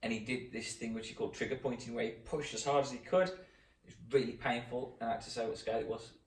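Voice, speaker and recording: A man's voice: mid-range voice, quick pace. A man, the host of a fitness channel, chatting casually about an injury. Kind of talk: casual chat. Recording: echoey room, mic at a distance.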